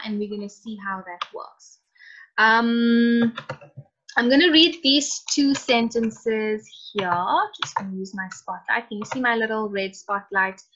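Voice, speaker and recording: A woman's voice: a little high, pushed and bright. A woman teaching an online class in a chatty, encouraging way, reading out messages from students. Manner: chatty, encouraging, reads student chat aloud. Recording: lo-fi online call audio.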